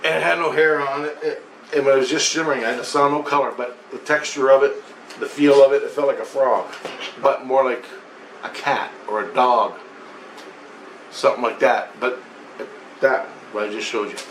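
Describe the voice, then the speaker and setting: A man telling a casual, rambling spoken account, animated and often repeating himself. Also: medium pitch, normal speed, long pauses, slight background noise. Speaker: vlogger. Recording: roomy echo, faint ambience.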